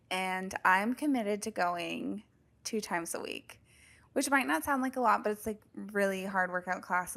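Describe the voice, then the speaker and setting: A young woman co-hosting a podcast, chatting casually and telling animated stories, with casual swearing. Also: on the low side, creaky. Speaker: podcast co-host. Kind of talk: casual chat.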